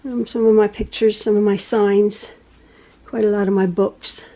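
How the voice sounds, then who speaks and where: A middle-aged woman who hosts a quilting channel, chatting casually and rambling through her home with soft sighs and laughs. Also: medium pitch, flat delivery, moderate pace. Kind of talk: casual vlog chat. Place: home, indoors.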